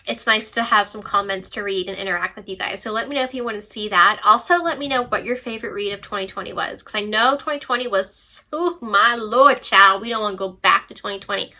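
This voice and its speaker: A woman's voice: fairly high pitch, sharp tone. A young woman chatting casually about books in a bubbly, talkative way. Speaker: book vlogger. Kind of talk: casual vlog chat.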